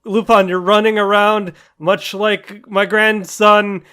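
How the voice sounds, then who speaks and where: A man's voice: high voice, flat delivery, slow, bright, forceful tone, smooth, voice pushed up, heavily acted. A man voicing a weary, grumpy old grandpa gunman, grumbling in exasperation. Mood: exasperated.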